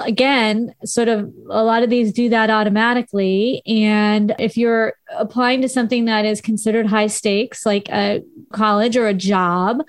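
A Southern Californian woman speaks in a medium-pitched voice, frank and teacherly as she pushes back on questions. The sound is dry and close, with no room around it. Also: no echo. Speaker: podcast co-host, former high school English teacher. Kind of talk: casual chat.

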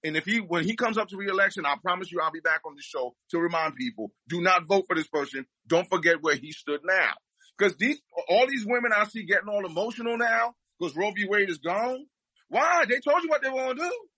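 A man's voice: high voice, bright, forceful tone, husky, no room sound, poor audio. A man speaking as a guest, giving impassioned political commentary and repeating his points for emphasis.

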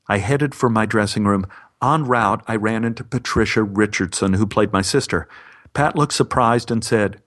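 A man tells a personal story for a podcast in a low voice. His delivery is dry and wry, landing the jokes without fuss. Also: normal speed, a bit bright.

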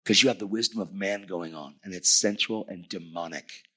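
A middle-aged man preaching a lively sermon, telling stories animatedly and shouting at the peaks. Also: low-pitched, moderate pace, husky.

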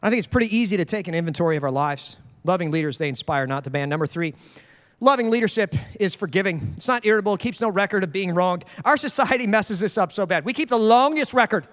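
Fast-talking, high-voiced male pastor. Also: big-room sound. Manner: animated, jokey, acts out quoted voices. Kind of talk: sermon.

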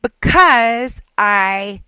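A woman's voice: mid-range voice, lively intonation, drawn-out words, bright, forceful tone, smooth, dry recording. A middle-aged woman chatting casually as a podcast co-host, telling rambling stories and acting out what people said. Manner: chatty, rambling storyteller, acts out quotes. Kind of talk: casual chat.

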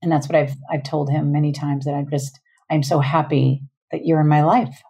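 A woman's voice: sits low, fairly even intonation, moderate pace, dark tone, breathy edge. A woman in her forties speaking earnestly as a parenting coach on a podcast, laughing often. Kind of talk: casual interview talk.

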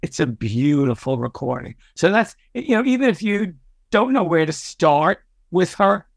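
Chatty older New man, higher voice. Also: sing-song, moderate pace, vocal fry, no room sound, clean studio sound. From Brooklyn, New York. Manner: chatty, warm-hearted, many fillers and restarts. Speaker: podcast guest, record executive. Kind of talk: storytelling interview.

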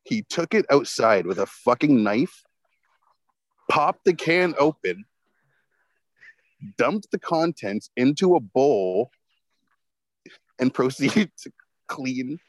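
A man's voice: mid-range voice, sing-song, slow pace, long pauses, no echo, poor audio. A man telling a rambling story in casual chat, swearing heavily and filling his talk with "like.". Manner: rambling, heavy swearing, lots of fillers.

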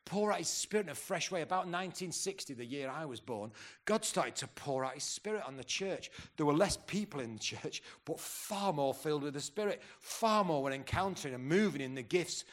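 Brief: fifties man, a bit high-voiced, fired-up conference preacher who throws questions at the crowd. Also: lively intonation, a little fast, fairly bright tone. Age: 50s. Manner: rousing, asks the crowd questions, stumbles and restarts. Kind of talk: conference sermon.

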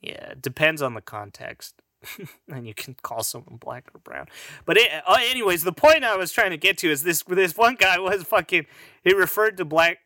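A man's voice: sits high, animated, moderate pace, sharp tone, no room sound, clean studio sound. A man of Mexican heritage rambling through a casual, profane monologue, often laughing at his own jokes.

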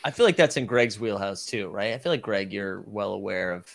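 A man's voice: lowish voice, animated, brisk, vocal fry, a bit bright. A man hosting a casual chat, reacting often with easygoing interjections. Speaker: host.

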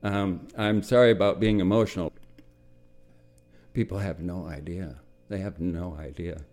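Older male veteran, deep and dark-toned, reflective, drops into quiet murmurs, faint music bed. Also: steady tone, a little slow. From United States. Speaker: Vietnam veteran telling his story. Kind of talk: documentary radio storytelling.

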